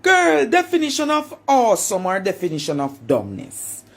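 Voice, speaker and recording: A woman's voice: mid-range voice, wildly swooping pitch, normal speed. A Jamaican woman in a taunting, preacher-like monologue, repeating her phrases for effect. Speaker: vlogger. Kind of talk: confrontational monologue.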